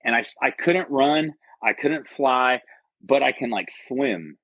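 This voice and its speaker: A man's voice: mid-range voice, lively intonation, unhurried, fairly bright tone, no echo. A man from the United States, a podcast guest and army veteran, telling a personal story in a rambling, profane, earnest way. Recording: dull lo-fi podcast audio.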